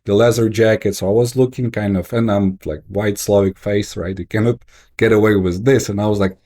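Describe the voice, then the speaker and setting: A man with a Ukrainian accent, a guest investor telling stories in a casual, halting way with many restarts. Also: lowish voice, steady tone, warm tone. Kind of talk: casual interview storytelling.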